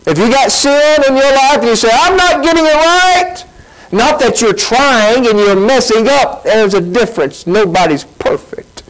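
A man preaching from the pulpit in a high, bright-sounding voice. He speaks animatedly, firing off rhetorical questions with sudden leaps in pitch. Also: moderate pace, few pauses, rough recording. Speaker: pastor. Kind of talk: sermon.

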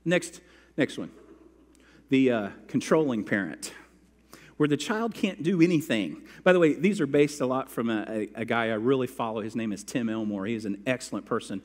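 A man's voice: mid-range voice, expressive, normal speed. A man pastor delivering a sermon in a church sanctuary. His voice sits in the middle range, and a long reverb hangs after each phrase. He tells stories and acts out the quotes in them. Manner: storytelling with acted-out quotes.

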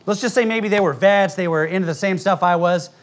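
High-voiced blunt American preacher. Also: male voice, a little fast. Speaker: pastor. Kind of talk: sermon. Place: church sanctuary before a congregation.

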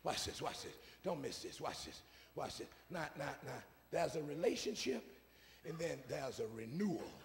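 High lively preacher guy, drops to mutters then shouts, big churchy hall echo. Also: moderate pace, slight background noise. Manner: rhythmic, repeating phrases, swings from soft asides to shouts. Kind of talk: call-and-response sermon. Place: church sanctuary.

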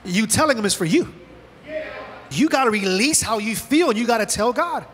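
Animated high-voiced male pastor preaching. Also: normal speed, husky, long reverb tail. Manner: animated preaching, acts out dialogue with God. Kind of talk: sermon. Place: church sanctuary.

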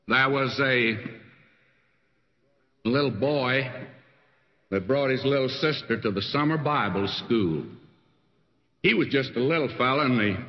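An older man preaching a sermon as a pastor, telling stories in a folksy, animated way. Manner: folksy storytelling preacher with wide swings in pitch. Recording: dull lo-fi archival sermon recording with long hall reverb.

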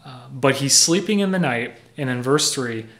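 A man's voice: medium pitch, expressive, normal speed, a bit bright. Young guy preaching, mid voice, casual and earnest, lots of everyday examples. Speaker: pastor. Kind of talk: sermon.

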